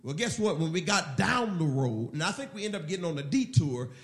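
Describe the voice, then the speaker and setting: A middle-aged male pastor preaching in an echoey church, his voice high and bright with a gravelly edge. He delivers his sermon with emphatic, animated storytelling. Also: brisk, faint music behind.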